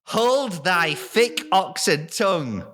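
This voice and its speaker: A man's voice: high voice, big pitch swings, slow, a bit bright, voice pushed up, exaggerated voice. A man voicing a pompous exiled male goblin prince who speaks in grandiose mock-archaic threats.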